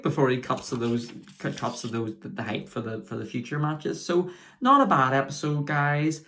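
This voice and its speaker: A man's voice: mid-range voice, moderate pace, gravelly, bright, forceful tone. Chatty man rambling through a review. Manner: rambling, often stops to correct himself; chatty and enthusiastic. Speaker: wrestling show reviewer. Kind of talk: casual solo video review.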